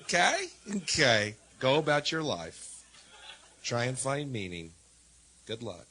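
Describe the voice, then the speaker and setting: A man's voice: medium pitch, big pitch swings, slow, slightly rough, low-quality recording. Sardonic man doing stand-up. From United States. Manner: wry, sardonic, shifts between mutters and loud jabs. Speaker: stand-up comedian. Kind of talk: stand-up routine.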